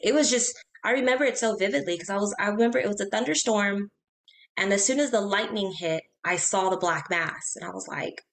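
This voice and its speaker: A woman casually telling personal ghost stories in a chat, animated, talking in quick bursts and acting out her own reactions. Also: medium pitch.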